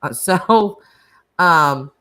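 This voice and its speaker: Bright-voiced, chatty woman streamer. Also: lowish voice, animated, drawn-out words. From United States. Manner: chatty, laughing, reacting to viewer comments. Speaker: livestream host. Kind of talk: casual live chat reading comments.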